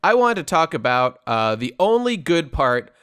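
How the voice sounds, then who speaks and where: A man hosting a casual podcast chat, quick and jokey with a mock-snobbish edge. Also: fairly high pitch, very animated, fairly bright tone, clear, resonant tone, no room sound. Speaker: host.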